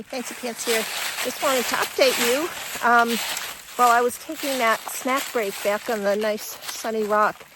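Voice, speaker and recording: A woman's voice: on the high side, background noise. A woman, vlogging casually and candidly from a mountain trail into a handheld camera, sometimes catching her breath. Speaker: hiking vlogger.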